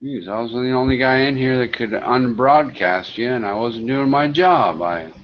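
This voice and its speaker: A man's voice: mid-range voice, moderate pace, dull audio. A man moderating a casual online voice chat, talking bluntly, with lots of swearing and exasperation.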